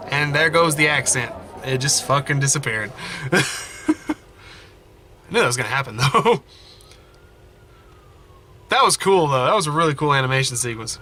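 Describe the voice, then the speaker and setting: A man's voice: medium pitch, expressive, moderate pace, pauses often, bright, forceful tone, a little hiss or hum. A man commenting casually on a story game as he reads it aloud, laughing, swearing and mocking himself.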